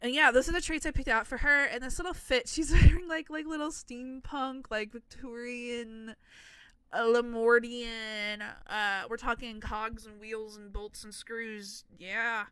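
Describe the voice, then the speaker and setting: A young woman in her twenties talks casually about her game characters, chatty and playful and swearing freely. Her voice is bright and clear, a little higher than most. The sound is dry and close. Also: fairly even intonation, unhurried, no room sound. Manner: rambling, self-deprecating asides. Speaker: content creator.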